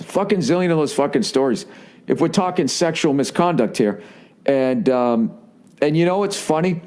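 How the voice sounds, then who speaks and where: A man in his forties hosting a solo comedy podcast, telling stories in a profane, rambling way, with many "right?" asides and quick mocking impressions. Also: darkish tone. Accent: Boston. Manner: slips into mocking impressions with jumps in pitch. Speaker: podcast host.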